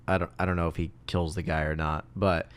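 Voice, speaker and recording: A man's voice: low-pitched, flat delivery, fairly quick, clear, resonant tone. A man co-hosting a casual movie podcast, joking and doing mock character voices. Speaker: podcast co-host. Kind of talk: casual movie recap chat.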